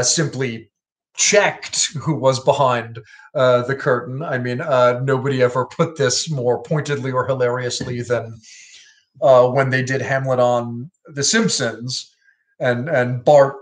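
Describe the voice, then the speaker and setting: Casting note: a man with a middle-pitched voice, wry and halting, chatting through a scene. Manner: halting, full of "uh" and restarts, wry. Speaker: literature explainer. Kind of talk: casual explanatory commentary.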